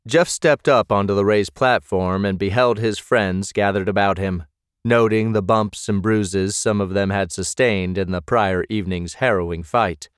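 A man narrating an audiobook in a measured, even manner. His voice sits on the low side. The recording is close and completely dry. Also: smooth, no echo. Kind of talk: scripted narration.

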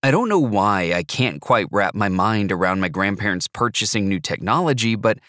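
A man narrating a first-person audiobook in a wry, measured way. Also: lowish voice, expressive, fairly bright tone, no echo, clean studio sound.

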